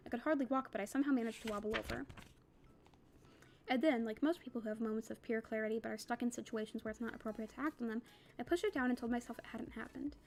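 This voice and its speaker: A young woman reading a novel aloud for a book club, quick and casual, with chatty asides. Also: fairly high pitch, gravelly.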